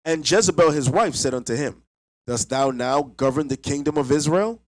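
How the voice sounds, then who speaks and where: A man reading Bible verses aloud in a steady, formal way. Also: fairly high pitch, moderate pace, no echo, low-quality recording. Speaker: scripture reader.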